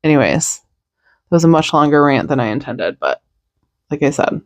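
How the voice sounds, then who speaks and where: A woman's voice: sits low, sing-song, moderate pace, dry recording. A young woman hosting a news podcast, ranting bluntly in a casual, profane monologue, sounding tired.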